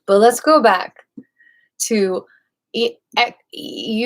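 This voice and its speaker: A woman hosts a live video where she reads dictionary entries aloud at an unhurried, deliberate pace. She muses playfully to her viewers between entries and now and then drops to a soft whisper. Her voice sits at an everyday middle pitch. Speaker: livestream host reading a dictionary aloud. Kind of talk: live dictionary reading with chatty asides to viewers.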